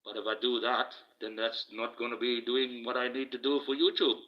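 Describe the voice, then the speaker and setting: A man doing a casual live stream, talking slowly and deliberately through a face mask, with motivational sayings in between. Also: mid-range voice, fairly even intonation. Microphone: cheap phone with the microphone low down. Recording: muffled lo-fi cheap phone mic.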